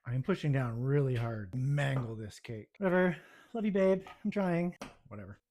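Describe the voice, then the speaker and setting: A man at an average pitch chats casually to the camera in his home kitchen as he bakes. He keeps up a steady stream of self-deprecating, exasperated muttering, half to himself and half to his viewers. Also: normal speed, a little hiss or hum. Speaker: home baking vlogger.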